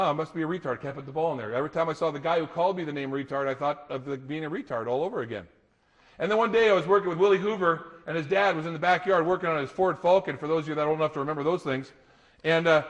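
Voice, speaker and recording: A middle-aged man gives a live motivational talk, his voice pitched a little high. Animated storytelling marks his delivery, and he laughs with his own tales.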